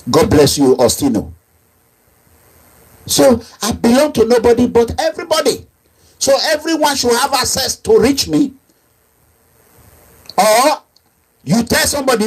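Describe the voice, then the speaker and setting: This middle-aged Nigerian-accented activist leader is very animated, speaking at a moderate pace with long pauses and a breathy edge. His impassioned monologue is emphatic and repetitive, with low asides and raised outbursts.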